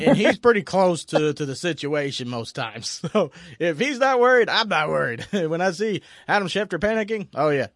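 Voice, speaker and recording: A man hosting a casual sports chat, excitable, laughing often and stumbling over repeated words. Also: a little high, no room sound, studio quality. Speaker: sports talk host.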